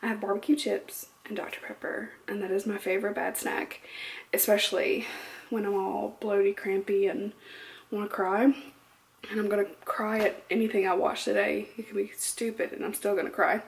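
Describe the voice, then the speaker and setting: Woman vlogger, tired, rambling home chat, slips into soft near-whispers, average pitch. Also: level tone, moderate pace, gravelly. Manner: rambling, laughs often, drops to near-whispers. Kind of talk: casual chat to camera.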